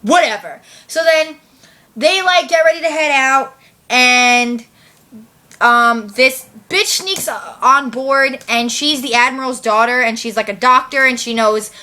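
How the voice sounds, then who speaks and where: Woman vlogger, bright higher voice, slangy casual movie recap. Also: a little slow. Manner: chatty, slangy, heavy use of "like", swears.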